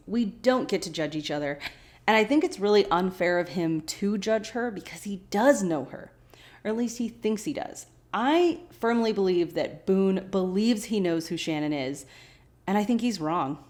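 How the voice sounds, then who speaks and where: A woman's voice: mid-range voice, animated, normal speed, darkish tone. A woman hosting a podcast, recapping a television episode in a casual, opinionated way and acting out the characters' lines. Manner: chatty and opinionated, laughs often, acts out characters' lines. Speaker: podcast host.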